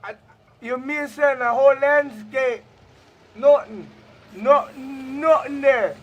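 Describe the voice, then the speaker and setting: A man's voice: very high voice, takes it slowly, lo-fi sound. A man playing a brash, hot-tempered dice gambler in an indie film scene, taunting and cursing in a put-on Jamaican accent. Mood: shouting.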